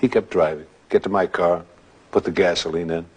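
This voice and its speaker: Deep-voiced man telling a ghost story. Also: breathy edge. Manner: halting, relaxed, with restarts and "uh". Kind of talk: anecdotal storytelling.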